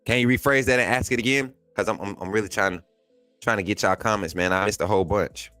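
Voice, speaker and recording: A man's voice: on the low side, quick pace, bright, forceful tone, no echo, soft background music. A man from Alabama with a Southern accent, hosting a live sports stream in a casual style, reading and answering chat comments with frequent laughter.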